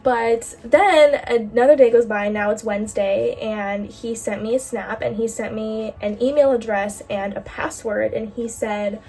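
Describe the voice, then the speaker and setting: A woman's voice: fairly high pitch, steady tone, a little slow, hardly any pauses, a little mellow, recorded from a distance. Chatty young woman, slightly off-mic. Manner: candid and chatty, heavy filler "like", swears freely. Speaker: bracelet-making vlogger. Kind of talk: casual storytime chat. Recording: voice a bit off-mic, faint music behind.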